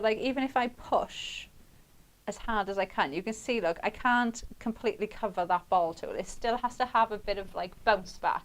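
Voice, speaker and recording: A young woman talks viewers through a craft project on a shopping channel. Her delivery is chatty and a little rambling, and she laughs easily as she goes. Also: medium pitch. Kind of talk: live craft demonstration with chat.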